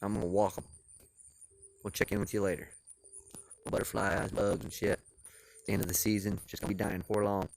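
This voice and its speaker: Kennel-owner vlogger, man, drawl, slightly low, easygoing and profane, phone recording outdoors with faint noise. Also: little pitch movement, fairly quick, gravelly, long pauses. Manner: laid-back, profane, rambling. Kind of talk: casual vlog walkthrough. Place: outdoor dog yard. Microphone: phone held while walking.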